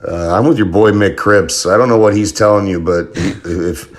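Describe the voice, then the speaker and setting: A man's voice: sits low, normal speed. A man leaving a recorded voice message for a podcast, ranting in a wound-up, profane way. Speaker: listener sending an audio comment.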